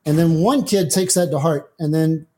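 A man's voice: on the high side, moderate pace, dark tone. A middle-aged man, a guest on a discussion show, thinking aloud about philosophy with homespun everyday examples. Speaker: atheist guest. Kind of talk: conversational discussion.

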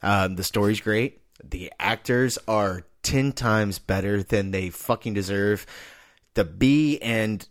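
A man's voice: lowish voice, slow pace. A man co-hosting a film podcast, blunt and profane as he reviews a movie. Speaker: podcast co-host. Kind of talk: casual film review chat.

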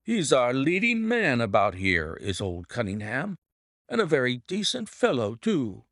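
Man voicing a brisk, genial old-school colonel with lively intonation, dry recording. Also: mid-range voice, no room sound, pitched above the performer's own voice, full character voice. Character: bluff, hearty country colonel, middle-aged.

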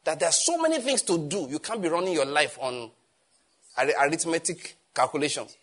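A man preaching a sermon as pastor, animated and emphatic, often firing rhetorical questions. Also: on the high side, a little fast.

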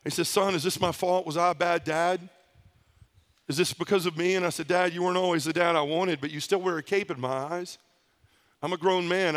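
A middle-aged man with a high-sitting, fairly bright voice addresses a conference from the hall's stage. He shares his testimony sincerely, frequently using the present tense.

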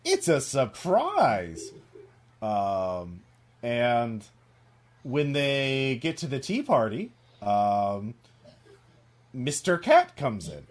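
Slow, rambling game master. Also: male voice, medium pitch, very animated. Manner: rambling, many fillers. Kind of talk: tabletop game narration.

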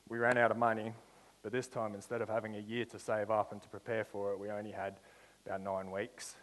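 A young man delivers a sermon testimony in a fairly low voice. He tells his story plainly, then stretches out his phrases for emphatic statements of faith. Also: level tone, fairly bright tone, long reverb tail, rough recording. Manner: storytelling with slow emphatic build-ups. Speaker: preacher.

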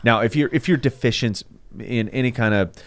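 A man's voice: mid-range voice, brisk, dry recording. A man co-hosting a podcast in casual chat, swearing freely and joking, sometimes acting out bits. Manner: profane, joking, acts out bits in quoted voices. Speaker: podcast co-host.

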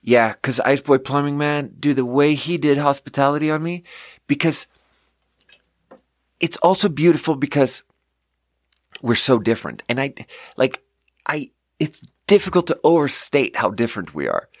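A man's voice: a little high, expressive, moderate pace, pauses often, no room sound, studio quality. A man hosting a podcast, rambling in casual chat with frequent laughs and casual swearing. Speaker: podcast host.

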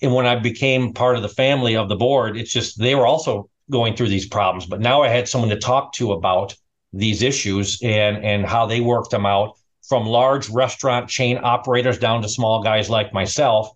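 A middle-aged man, a restaurant owner guesting on a podcast, telling a story in an animated, rambling way and often restarting words. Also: on the low side, moderate pace. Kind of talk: casual storytelling. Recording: dull lo-fi sound.

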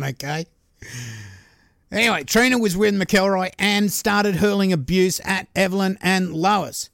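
A man's voice: a little high, no echo, studio quality. An Australian man hosting a podcast, telling a true-crime story in a casual, chatty way with laughing asides. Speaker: podcast host.

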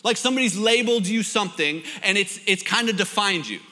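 A man's voice: high-pitched, animated, quick pace, sharp tone, long reverb tail. A young man preaching a sermon, telling a story with self-deprecating jokes. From Canada. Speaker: pastor.

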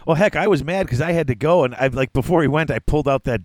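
A man co-hosting a casual hobby podcast, talking in a rambling, animated way with many restarts. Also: a little high, quick pace, dry recording. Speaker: podcast co-host. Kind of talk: casual chat.

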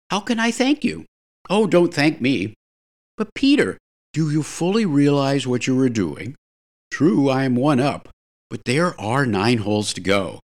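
A man reading the part of an anxious, lovestruck young male golfer who speaks passionately and quaveringly. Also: medium pitch.

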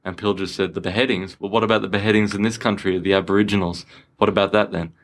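A man's voice: fairly low pitch, level tone, quick pace. An Australian man co-hosting a podcast, chatting casually and rambling with lots of restarts. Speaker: podcast co-host. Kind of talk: casual chat.

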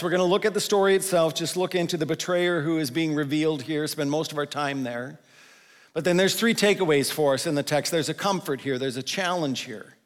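A male pastor giving a conversational sermon, slowing down to stress the scripture he quotes. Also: on the high side, long reverb tail. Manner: conversational preaching, quotes scripture with slowed emphasis.

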